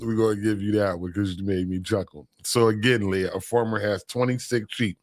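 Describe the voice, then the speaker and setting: A man's voice: fairly low pitch, steady tone, brisk, dry recording, clean studio sound. A man hosting a casual livestream, reading chat comments aloud, using laid-back slang and teasing with frequent laughs. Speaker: livestream host.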